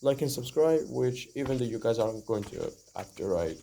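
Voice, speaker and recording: Rambling young man with a mellow voice. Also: mid-range voice, expressive, fairly quick, gravelly, a little hiss or hum. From Iran. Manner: rambling, earnest, heavy use of "like" and "you know". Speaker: vlogger. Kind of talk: casual opinion monologue.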